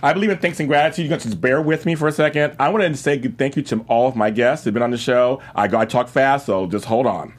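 A man in his fifties hosting a talk show, excitable and quick, often laughing. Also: mid-range voice. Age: 50s. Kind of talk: upbeat show host intro and guest roll call.

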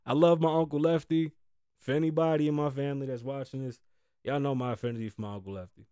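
A man's voice: mid-range voice, steady tone, fast, mellow, clear, resonant tone, dry recording, studio quality. A man hosting his own talk show, telling stories in a loose, profane, laughing way. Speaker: podcast host. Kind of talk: casual storytelling monologue.

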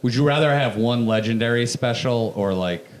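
Energetic male podcast guest, salty, worked-up storyteller, faint hiss behind. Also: mid-range voice, normal speed. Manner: animated, profane storyteller, gets loud in retellings. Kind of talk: casual podcast chat.

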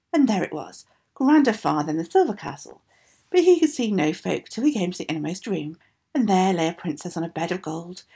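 Female storyteller, animated delivery, raspy low-edged fairy-tale read. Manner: expressive, sing-song reading.

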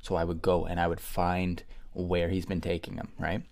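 A man in casual chat, playfully spinning a hypothetical revenge story with quick, animated bursts and frequent laughter. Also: low voice, vocal fry.

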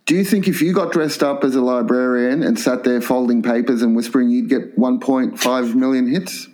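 Male co-host, profane, animated storyteller, mid-range voice. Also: medium pitch, moderate pace, low-quality recording. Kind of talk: casual chat.

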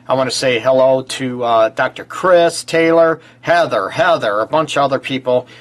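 A man hosting a live-streamed relationship advice show, hoarse and stuffy from a cold, chatting loosely with lots of fillers and greeting viewers. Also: mid-range voice, moderate pace. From Michigan. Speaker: relationship counselor and show host.

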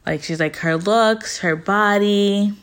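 A woman's voice: mid-range voice, takes it slowly, clean tone. A woman recapping reality TV in casual chat, acting out what people said and leaning on "like" as a filler. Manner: animated storytelling, acting out quotes with "like" fillers.

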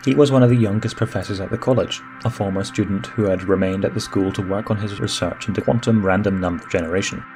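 Low-voiced man narrating a story. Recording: music bed under narration.

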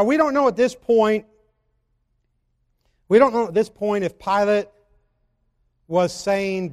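A man preaching a sermon who swings between loud, emphatic passages and low, slow scripture reading. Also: big-room sound.

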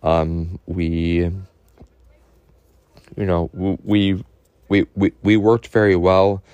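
A man telling a personal story in a halting, earnest way, full of fillers and restarts, openly emotional. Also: deep voice, little pitch movement, darkish tone, clean tone, no echo, highs cut off.

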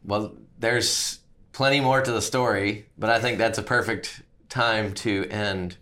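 A man's voice: lowish voice, steady tone, measured pace, crowd noise. A man hosting a podcast, closing out the episode with thanks and contact details. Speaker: podcast host.

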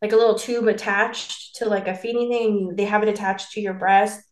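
Woman, casual podcast chat, rambling, many "like" fillers, mid pitch, echoey room. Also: steady tone, a little fast. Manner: rambling, fills with "like", acts out quoted dialogue. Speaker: podcast co-host telling her birth story.

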